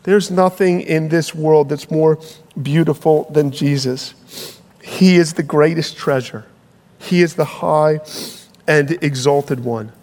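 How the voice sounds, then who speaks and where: A man preaching a sermon, earnest and emphatic, slowing down on key phrases, heard in a large hall. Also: a little high, a little mellow. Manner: earnest, building to emphatic peaks, slowing for weight. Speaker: pastor.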